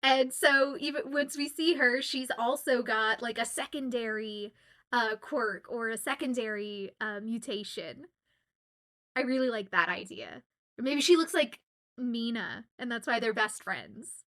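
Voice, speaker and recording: Bright-voiced chatty woman from Southwest Louisiana. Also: a little high, a little slow. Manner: chatty and giggly, with many fillers. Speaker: voice actor signing autographs on stream. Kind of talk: casual livestream chat.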